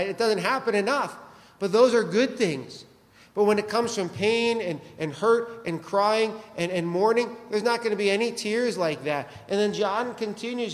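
A man's voice: sits high, big-room sound. A man preaching a sermon as pastor, conversational and joking, asking the congregation questions.

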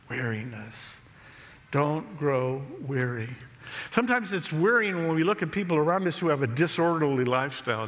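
A pastor preaching a sermon, telling a story in a slow, measured way. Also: male voice, medium pitch, creaky, a bit bright. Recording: long reverb of a large hall.

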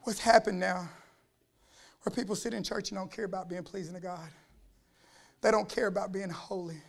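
High-voiced preacher swinging from shouts to hushes. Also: male voice, fairly even intonation, normal speed, vocal fry. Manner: swings between shouted fervor and quiet intensity; repeats phrases for emphasis. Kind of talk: sermon.

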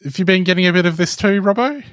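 A man's voice: high voice, quick pace, fairly bright tone, no echo. A man co-hosting a casual podcast chat, talking with wry, dry teasing. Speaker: podcast co-host.

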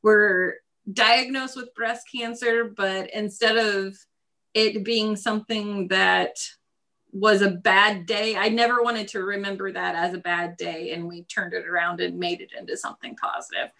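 A woman speaks in a casual interview, recounting her experience in a bright, clear tone. She laughs often between her sentences. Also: mid-range voice, little pitch movement, unhurried. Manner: laughs often while telling her story. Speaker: guest.

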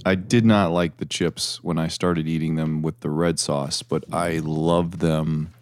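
A man co-hosting a casual chat, making dry deadpan jokes. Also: rumbling low, unhurried, no room sound. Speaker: podcast co-host.

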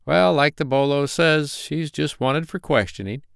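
A man reading the part of a corrupt, scheming big-city detective who speaks in a curt, guarded way, pitched above his own voice. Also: unhurried, creaky, clean tone, no echo, clean studio sound.

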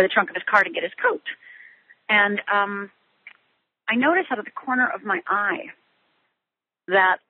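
Husky-voiced middle-aged woman on a tinny phone line. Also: mid-range voice. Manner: halting, many restarts and fillers. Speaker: guest. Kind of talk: telling a personal story in an interview.

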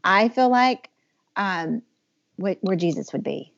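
A woman's voice: medium pitch, animated, takes it slowly, vocal fry, dry recording. Thoughtful woman hosting a podcast. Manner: thoughtful, meandering phrasing with fillers. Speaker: podcast host. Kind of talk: interview questions, casual. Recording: dull, slightly muffled podcast audio.

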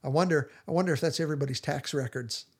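Animated man retelling a story. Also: a little high, fast talker. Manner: animated, acts out quoted lines. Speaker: podcast host. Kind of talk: casual chat retelling scenes.

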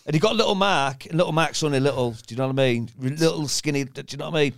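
Man, slangy rambling storyteller, a touch higher voice, faint noise. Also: racing, vocal fry. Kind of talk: casual storytelling chat.

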